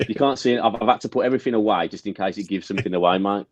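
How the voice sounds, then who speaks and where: A man's voice: fairly low pitch, racing, highs cut off, a little hiss or hum. A man co-hosting a casual fan podcast, jokey and full of banter and firm opinions.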